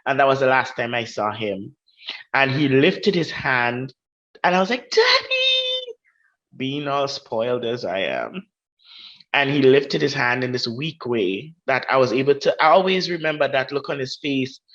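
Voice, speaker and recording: Grenadian woman, podcast guest, lively storyteller who acts out voices; muffled recording. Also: rumbling low, moderate pace. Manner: vivid, acts out quoted voices. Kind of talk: personal storytelling.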